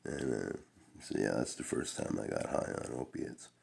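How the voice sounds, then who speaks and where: A man's voice: extremely low pitch, animated, normal speed, gravelly, a little mellow, slightly rough. A middle-aged man telling a long-winded, profane personal story in a laid-back, rambling way. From Canada.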